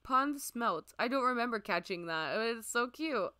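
A young woman streaming a game, chatting casually and listing what she sees, sometimes dropping to a soft near-whisper. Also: on the high side, animated, a little slow, clean tone, no echo, studio quality. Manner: chatty, lists items aloud, drifts into soft near-whispers. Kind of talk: casual gameplay commentary.

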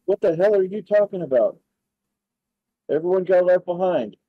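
A man's voice: high-pitched, expressive, moderate pace, no echo. A man with a slightly raised voice reads out a text adventure, joking crudely and laughing mid-sentence. His dull, lo-fi microphone sounds dry and close. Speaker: co-host playing a text adventure. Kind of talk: casual gaming chat, reading story aloud.

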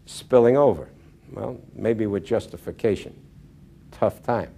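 A man's voice: fairly low pitch, unhurried, vocal fry. A man giving a motivational sales talk to a live audience, telling stories earnestly and dropping his voice for emphasis. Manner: storytelling, earnest, drops to hushed tones for emphasis. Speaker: motivational speaker.

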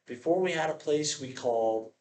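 A man with a fairly high voice preaches to his congregation in an animated, playful way. He slips into quick voices for the people in his stories and then jokes with the room. The sound is roomy and echoey. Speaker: pastor. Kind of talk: sermon.

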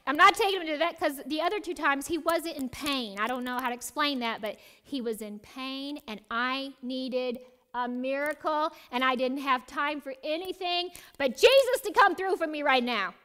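A middle-aged woman teaching a Bible study, telling a personal story with animated, acted-out lines and whispered prayer. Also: high voice, normal speed.

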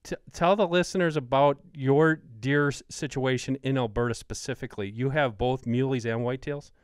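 A man's voice: medium pitch, moderate pace, clean tone, no echo, studio quality. A man with a Wisconsin accent hosting a podcast, asking questions keenly and citing numbers. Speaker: podcast host. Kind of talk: casual interview talk.

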